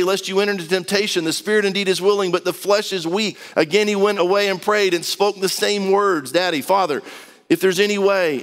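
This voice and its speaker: A man's voice: a little high, fairly bright tone, in a large hall. A man preaching a sermon in a casual, conversational way, acting out quotes as he reads and explains scripture. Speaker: pastor.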